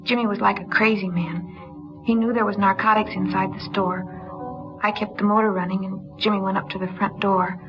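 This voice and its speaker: An actress narrating as a young woman confessing her story in a 1950s radio drama, quiet and weary. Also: medium pitch, fairly even intonation, normal speed, lightly acted. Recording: dull old radio broadcast with music.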